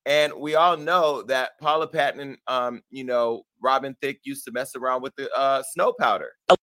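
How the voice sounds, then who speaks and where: A man hosting a celebrity gossip show, talking in a sassy, profane and animated way and laughing at his own jokes. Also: medium pitch, normal speed, no room sound. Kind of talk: brash gossip commentary.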